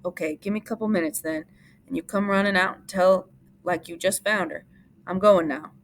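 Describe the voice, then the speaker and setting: A weary, guarded ranch worker with a low, clipped way of talking, read by a woman. Her voice stays fairly low, over a faint hiss. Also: fairly even intonation, moderate pace, close to an everyday voice. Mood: urgent.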